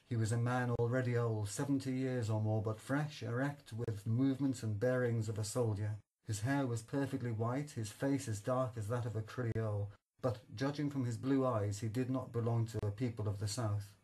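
A man narrating a classic story in a measured, literary reading style. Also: medium pitch, mellow, husky, low-quality recording. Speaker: audiobook reader. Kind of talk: scripted narration.

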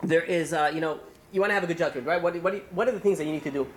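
A man, a rabbi, giving a holiday sermon, telling a story in a quick, rambling way full of restarts and fillers. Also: on the high side, a little hiss or hum.

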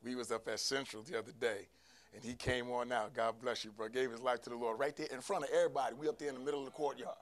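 A man preaching a sermon to a church congregation, calling for responses from the crowd and rising to shouts. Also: mid-range voice, fairly even intonation, fast. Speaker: pastor. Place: church sanctuary.

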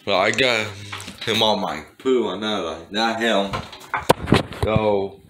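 A man's voice: fairly low pitch, takes it slowly, heavy background noise. A man giving casual, rambling commentary with broken grammar. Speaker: YouTube commentator.

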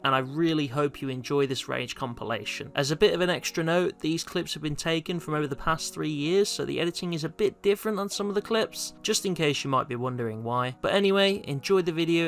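A man's voice: a little high, a little fast, hardly any pauses, faint music behind. A man hosting a gaming channel, giving a sincere thank-you to viewers. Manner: heartfelt thank-you intro, then loud angry outbursts in play. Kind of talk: casual gaming commentary.

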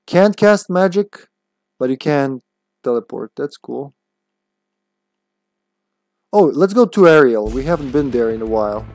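A man's voice: mid-range voice, darkish tone. A man streaming a game, chatting casually, swearing freely and yelping when his character is hit. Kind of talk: casual gameplay commentary.

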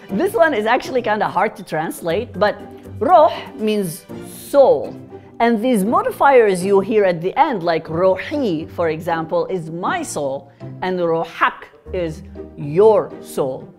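A woman teaching tongue twisters in a casual, playful lesson, rattling them off fast and then breaking them down word by word. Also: mid-range voice. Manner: playful, chatty, reciting rapid tongue twisters. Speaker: Arabic teacher.

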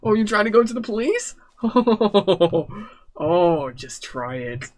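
A man's voice: high-pitched, big pitch swings, takes it slowly, darkish tone, heavily acted. A man voicing a lurking male monster that taunts the player from the fog, in a mocking tone. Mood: taunting. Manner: mocking, teasing.

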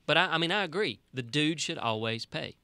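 A man's voice: fairly high pitch, animated, brisk, bright, forceful tone, clear, resonant tone, dry recording. A man co-hosting a casual podcast chat, with dry sarcastic remarks. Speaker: podcast co-host.

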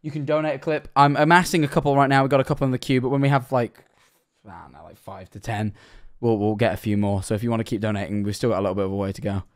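A young man streaming live, reacting to clips with excited chatter, loud exclamations and frequent swearing. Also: medium pitch, rapid-fire.

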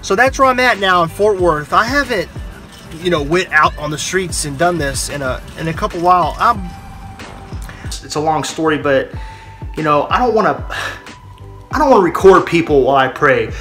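A young man talks casually to the camera, rambling and breaking off his own sentences with laughter. His voice sits high and moves around a lot. Soft music plays faintly behind him. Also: animated, moderate pace. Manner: chatty, laughing, self-interrupting. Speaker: vlogger.

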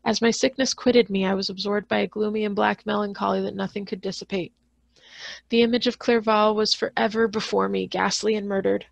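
Woman, librarian reading a novel aloud, heavy gravelly fry, dry close sound, measured pace. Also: mid-range voice, no echo. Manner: steady, measured reading with occasional small slips. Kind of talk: audiobook reading of a classic novel.

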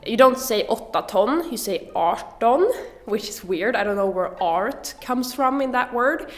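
A woman's voice: on the high side, moderate pace, fairly bright tone. A Swedish woman with a Swedish accent, a native Swedish speaker, giving a casual video lesson and thinking aloud as she counts. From Sweden. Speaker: language teacher vlogger.

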